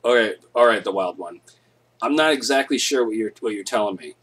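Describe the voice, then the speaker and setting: This young streamer's voice is fairly low with a breathy edge, and he talks fairly quickly and expressively. He tells stories in a relaxed, laid-back way, swears a lot and gets loud whenever he acts things out.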